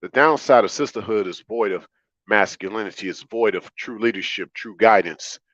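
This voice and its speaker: A man's voice: lowish voice, normal speed, fairly bright tone, dry recording, muffled recording. Emphatic man preaching on a livestream. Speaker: livestream host. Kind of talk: livestream monologue.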